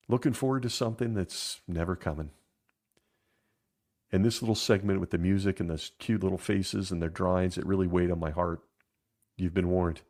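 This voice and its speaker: A man's voice: mid-range voice, darkish tone. A man talks straight to his viewers in a blunt, sarcastic commentary. His voice sits mid-range and jumps up sharply whenever he gets emotional. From former Jehovah's Witness upbringing. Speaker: commentary show host. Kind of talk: critical video commentary.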